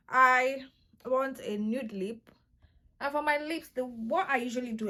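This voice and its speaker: A woman's voice: fairly high pitch, a little hiss or hum. Chatty young woman vlogger, upbeat and playful. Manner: chatty and playful, bursts into excited exclamations. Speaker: beauty vlogger. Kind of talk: casual makeup tutorial.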